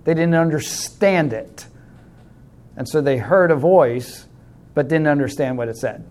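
Man teaching bible study, slightly high voice, chatty explaining. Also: a little slow, darkish tone. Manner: conversational, explains with illustrations, calls on class members.

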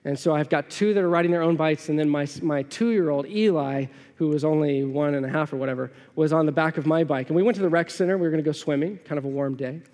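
Conversational pastor in a reverberant hall. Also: male voice, fairly high pitch, quick pace, hardly any pauses, a little mellow. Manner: conversational, storytelling, asks the room questions. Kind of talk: sermon.

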